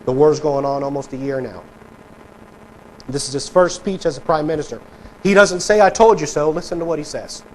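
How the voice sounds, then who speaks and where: Emphatic preacher man, slightly high voice. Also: fairly even intonation, moderate pace, long pauses, slight background noise, poor audio. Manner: conversational, emphatic, mock voices for politicians. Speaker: pastor. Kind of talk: sermon. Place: church sanctuary.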